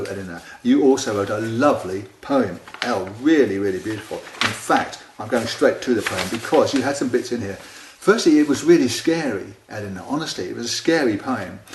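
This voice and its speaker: A man's voice: mid-range voice, slight background noise. A man, an author replying chattily to readers' letters, naming each one and reading out their lines. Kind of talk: casual spoken replies to letters. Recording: roomy echo.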